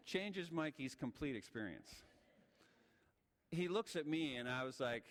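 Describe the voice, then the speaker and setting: Animated man telling a sermon story. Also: fairly high pitch, normal speed. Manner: animated, acts out the voices in his story. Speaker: guest speaker. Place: church sanctuary. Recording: church hall reverb.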